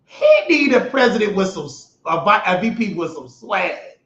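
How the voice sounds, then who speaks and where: A man's voice: sits high, sing-song, normal speed, a bit bright. A young man hosting his own show, giving emphatic, mocking, slangy political commentary. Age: young adult. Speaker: show host. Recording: roomy, dull lo-fi sound.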